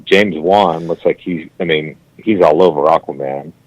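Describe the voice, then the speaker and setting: A blunt, opinionated man on a podcast, with a very deep voice. He swears freely and argues his points firmly. The recording is dry and a little dull. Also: normal speed, a little mellow, dry recording. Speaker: podcast co-host. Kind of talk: casual chat.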